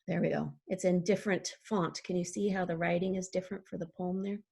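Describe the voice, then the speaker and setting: A woman teacher pausing her read-aloud to ask young listeners gentle questions. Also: fairly low pitch, steady tone, creaky, slightly rough. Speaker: teacher reading to children.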